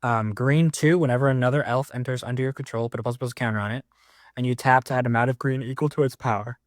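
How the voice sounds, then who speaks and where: A man casually walking through a card game deck, reading card text aloud with quick offhand comments. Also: mid-range voice, fairly even intonation, no room sound, clean studio sound.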